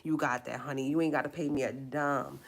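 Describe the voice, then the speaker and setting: Low-voiced woman ranting on a live stream. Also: steady tone, brisk. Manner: indignant, emphatic, repeats phrases. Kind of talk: impassioned live-stream rant.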